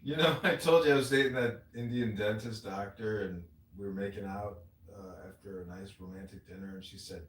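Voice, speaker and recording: A man chatting casually and reading a passage aloud at a slow, even pace. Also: lowish voice. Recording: echoey room, mic far off.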